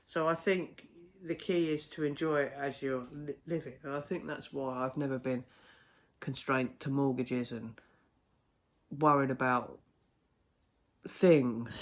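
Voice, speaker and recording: A man chatting casually to camera, a postal worker telling stories in a blunt, sweary, animated way. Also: on the high side.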